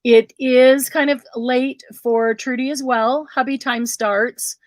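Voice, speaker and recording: A woman's voice: sits high, fairly even intonation, slow pace, no echo. A woman hosting a casual craft livestream, chatting with viewers and calling them by name.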